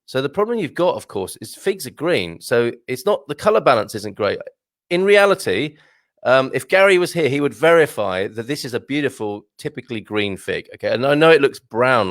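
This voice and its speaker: A man's voice: medium pitch, no echo. A man hosting a morning live stream, chatting casually and joking as he reads out viewer comments from a home studio. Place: home studio with a green screen.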